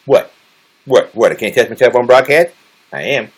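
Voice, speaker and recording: A man live-streaming to his chat, trading crude, teasing jokes with viewers. His pitch swings widely and expressively as he talks. He sits at a middling pitch and keeps an easygoing, joking tone. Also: expressive, moderate pace, slightly rough. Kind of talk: casual livestream chat with viewers.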